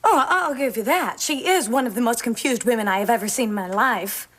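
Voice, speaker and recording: A woman's voice: on the high side, a little fast, fairly bright tone. An actress playing a protective woman in a daytime soap opera, earnest and disapproving. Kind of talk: 1990 daytime soap acting.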